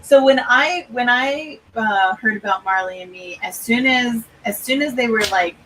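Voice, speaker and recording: A woman's voice: on the high side, normal speed, recorded from a distance, noisy background. A woman hosting a casual livestream, reading viewer comments aloud and chatting about books. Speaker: livestream host. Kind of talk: casual chat.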